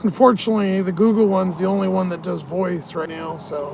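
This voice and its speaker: A man's voice: high-pitched, fairly even intonation, fairly quick, gravelly, background noise. Tired, profane man rambling on a vlog. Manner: profane, rambling, laughs at his own jokes. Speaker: vlogger. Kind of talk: casual rambling vlog talk.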